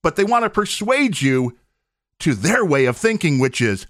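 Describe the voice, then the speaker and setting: A man's voice: a little high, sing-song, moderate pace, a bit bright, no room sound, clean studio sound. A man hosting his own podcast, arguing his opinions emphatically with rhetorical questions. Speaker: podcast host. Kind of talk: opinionated solo podcast monologue.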